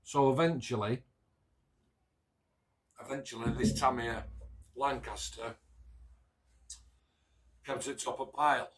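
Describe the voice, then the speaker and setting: A man's voice: mid-range voice, fairly even intonation, takes it slowly, pauses often, noisy background. Chatty Barnsley man rambling about modelling. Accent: Barnsley, Yorkshire. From England. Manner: rambling, chatty, with many restarts and dialect grammar. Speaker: scale model builder and YouTuber. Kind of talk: casual chat.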